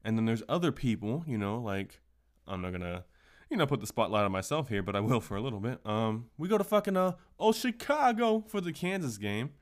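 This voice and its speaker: A man's voice: medium pitch, big pitch swings, fairly quick. A man hosting a casual solo podcast, telling stories in a profane, ranting way. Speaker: podcast host.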